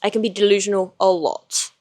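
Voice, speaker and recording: A woman's voice: mid-range voice, fairly even intonation, a little fast, a little mellow, dry recording. Frank, casual woman podcast host. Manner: frank and casual, swears freely, many likes and restarts. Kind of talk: candid personal podcast monologue.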